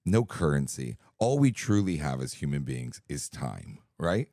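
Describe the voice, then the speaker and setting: A man co-hosting a podcast, trading quick teasing banter and reflective asides. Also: a bass voice, very animated, dark tone, no room sound, clean studio sound. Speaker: podcast co-host. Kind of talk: casual chat.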